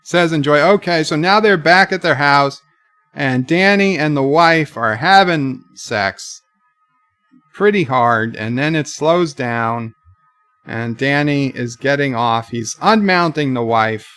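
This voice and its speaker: A man recapping a TV episode live, retelling the dialogue slowly with occasional comments of his own. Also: mid-range voice, fairly bright tone, clear, resonant tone, no room sound. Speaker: video reviewer. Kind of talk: live watch-along recap.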